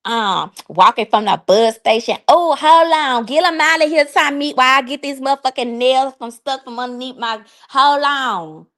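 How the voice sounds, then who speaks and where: High-voiced woman ranting on a livestream. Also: a bit bright. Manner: profane, mocking, drawn-out repetitions. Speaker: livestream host. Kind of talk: casual livestream rant.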